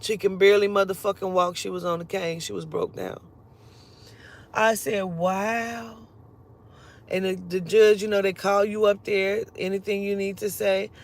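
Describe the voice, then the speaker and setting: A woman recounts a personal story casually and with plenty of profanity, animatedly acting out other people's lines along the way. Her pitch is medium and her speed normal.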